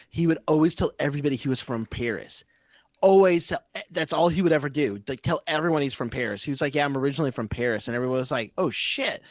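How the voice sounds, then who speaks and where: A man co-hosting a podcast, telling stories in an animated, jokey way and swearing casually. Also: mid-range voice, no room sound. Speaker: podcast co-host. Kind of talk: casual chat, storytelling.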